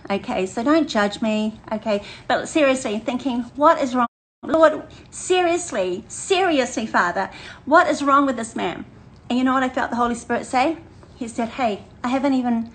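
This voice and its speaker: An older woman, chatting warmly and energetically to a women's church group, laughing often and repeating phrases. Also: on the high side, low-quality recording. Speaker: women's ministry leader. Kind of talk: casual livestream chat to a women's group.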